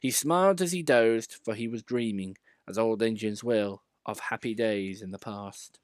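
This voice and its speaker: A man reading a children's story aloud in an expressive, lively storytelling way. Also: on the low side, moderate pace, no echo, studio quality. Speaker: narrator.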